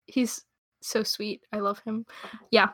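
A young woman co-hosting a casual chat, talking in quick asides and laughing often. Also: mid-range voice, little pitch movement, sharp tone, no room sound. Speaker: podcast co-host. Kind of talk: casual chat about anime.

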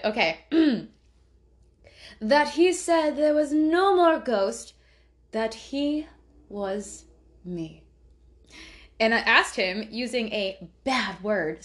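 A woman hosts a casual podcast conversation in an everyday middle-pitched voice. She swears freely, breaks into laughter often, and trails off to correct herself. Her talk stays loose and unscripted. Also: a bit bright. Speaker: podcast host. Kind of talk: casual chat.

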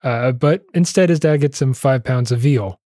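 A man in casual chat, retelling a movie plot with frequent laughs and quick acted-out lines. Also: medium pitch, warm tone, no echo, studio quality. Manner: laughs often, acts out characters' lines. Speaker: podcast co-host summarizing a film.

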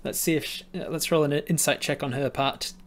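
A man's voice: a little high, fairly even intonation, brisk, very noisy. A man narrating a tabletop game on a stream as game master, laughing often and acting out sound effects.

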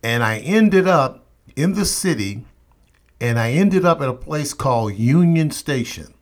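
A man's voice: mid-range voice, lively intonation, unhurried. Motivational host, man, emphatic storyteller, leans on repetition. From St. Louis area, USA. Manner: emphatic, repeats refrains for effect. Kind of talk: personal storytelling talk.

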